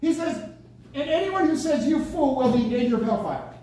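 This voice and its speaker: Guy preaching all fired up, shouting out bits, mic far off in a really echoey room with a bit of hiss. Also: very high voice, brisk. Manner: excitable, bursts out with exclamations. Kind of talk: lively sermon. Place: senior center meeting room.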